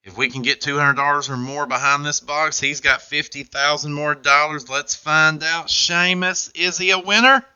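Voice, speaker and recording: A man's voice: a little high, flat delivery, normal speed, few pauses, pushed and bright, clean tone, muffled recording. A man hosting a game show, with upbeat, jokey patter.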